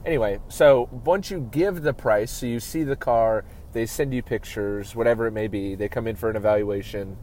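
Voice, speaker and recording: A man's voice: lowish voice, normal speed, few pauses, darkish tone, slight background noise. A man hosting a podcast, giving casual business advice in a chatty way. He keeps checking in with "right?" and often restarts his sentences. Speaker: podcast host and auto detailer.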